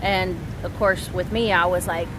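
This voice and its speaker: A woman in her thirties venting on a casual vlog, rambling and halting, swearing often. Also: on the low side, fairly even intonation, noisy background. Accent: Southern US. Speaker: vlogger.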